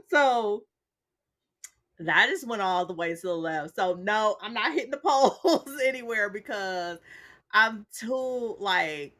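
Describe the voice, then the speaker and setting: A woman's voice: mid-range voice, animated, slow pace, bright, forceful tone. A middle-aged woman hosting a casual live chat, laughing often through her words and calling her viewers y'all. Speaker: host. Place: seated on a stool at home.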